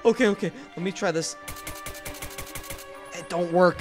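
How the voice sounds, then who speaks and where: A young man giving excited gameplay commentary, jumpy and yelping and shouting in panic. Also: sits high, unhurried, long pauses. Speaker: gaming YouTuber. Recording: music playing behind the voice.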